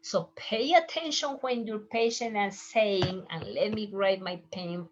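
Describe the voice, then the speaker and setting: A woman whose first language is Spanish, teaching medical Spanish terms slowly, repeating each word twice and explaining as she draws. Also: medium pitch, noisy background. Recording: dull lo-fi sound.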